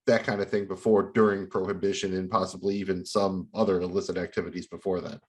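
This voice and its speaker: A man with a somewhat low voice who co-hosts a podcast. He talks in casual chat, stringing long explanations together with plenty of "you know" and "like.". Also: little pitch movement, fast. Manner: explains in long run-on sentences with many fillers. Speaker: podcast co-host.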